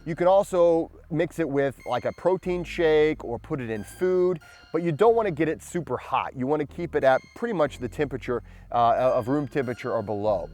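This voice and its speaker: A man's voice: on the high side, animated, fairly quick, darkish tone, soft background music. A man hosting his own channel, talking casually to camera about a supplement, often restarting his sentences. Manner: rambling, restarts often, talks with powder under his tongue. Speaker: channel host.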